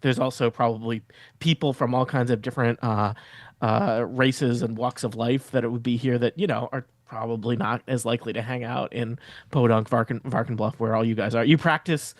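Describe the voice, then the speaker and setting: A man's voice: medium pitch, fairly even intonation, brisk, dry recording, clean studio sound. A man running a tabletop game as game master, rambling through scene descriptions with jokes and frequent laughter. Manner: rambling, joking, laughs often. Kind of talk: narrating a tabletop game, casual chat.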